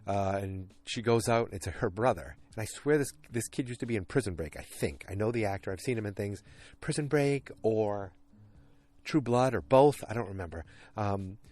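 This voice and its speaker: A man's voice: lowish voice, lively intonation, moderate pace, a little mellow. Male podcast host, casual solo recap, rambling and filler-heavy. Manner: rambling, chatty, many fillers.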